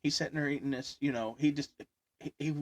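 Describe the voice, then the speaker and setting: A man's voice: on the high side, fairly even intonation, fast. A man telling a story in casual chat, rambling with many fillers and laughing as he talks. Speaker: podcast guest storyteller.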